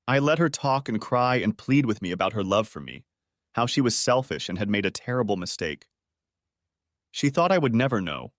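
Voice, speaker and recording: A man narrating a first-person story in audiobook style, turning forceful and angry when he speaks his own lines. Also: fairly low pitch, expressive, brisk, dry recording, studio quality.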